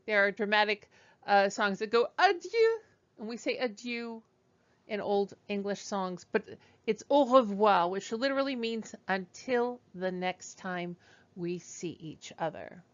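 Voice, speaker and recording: A woman teaching a beginner French lesson, slowly drilling pronunciation with patient, demonstrative repetition. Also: mid-range voice, expressive, lo-fi sound.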